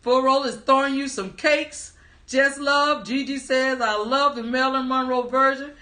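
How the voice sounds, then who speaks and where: A woman hosting a casual livestream, reading viewers' comments aloud with animated, laughing energy. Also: high voice, moderate pace. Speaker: livestream host.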